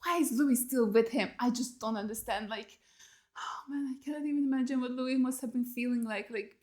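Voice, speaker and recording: A woman with a fairly high voice vents in a casual on-camera reaction. She is blunt and swears freely, sounding upset and exasperated, and throws out rhetorical questions with "like" all through her talk. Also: a little fast, a little mellow. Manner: blunt and heavily profane, talking straight at the screen. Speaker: YouTube reactor watching a TV series.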